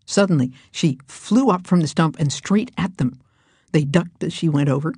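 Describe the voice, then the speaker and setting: A woman reading a children's storybook aloud in a hushed, breathy manner. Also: low voice, normal speed, no room sound, studio quality.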